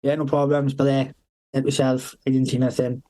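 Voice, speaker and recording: A man's voice: mid-range voice, monotone, a little fast, dark tone, poor audio. A man telling rambling anecdotes as a podcast guest, swearing constantly and breaking into laughter. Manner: heavy swearing, laughing, acting out quoted voices. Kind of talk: casual anecdotal storytelling.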